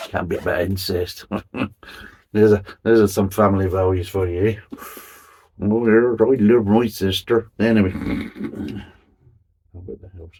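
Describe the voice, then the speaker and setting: A man's voice: low voice, gravelly, darkish tone, slightly rough. A middle-aged man reviewing a beer in a chatty, rambling way, swearing casually as he goes.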